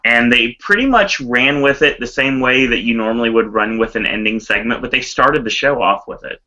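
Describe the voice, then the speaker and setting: Bright-voiced man recapping wrestling. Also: mid-range voice, low-quality recording. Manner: brisk play-by-play recap, laughs easily. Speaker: podcast host. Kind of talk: casual podcast chat and match recap.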